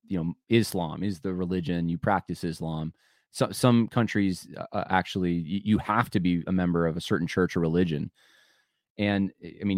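A man's voice: sits low, no echo, clean studio sound. A man hosting a solo podcast, thinking aloud in a conversational way, often restarting his sentences and speaking straight to his listeners. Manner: conversational, addresses listeners directly. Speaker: podcast host.

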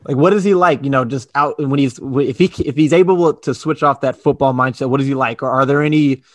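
A man's voice: mid-range voice, a little fast, no room sound. A man co-hosting, asking casual interview questions in a friendly, affirming way. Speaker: podcast co-host.

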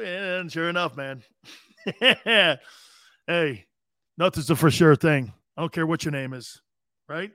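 Forceful, animated man in his fifties. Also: fairly high pitch, takes it slowly, pauses often, no echo, studio quality. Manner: animated storyteller, chuckles often. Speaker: show host. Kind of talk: casual livestream talk.

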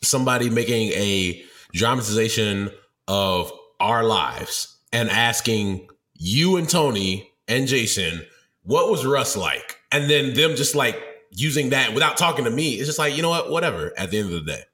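A man in casual sports chat on a podcast, with a bright, sharp voice. He reacts emphatically and with animation. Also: medium pitch, lively intonation, normal speed. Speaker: weekly podcast regular.

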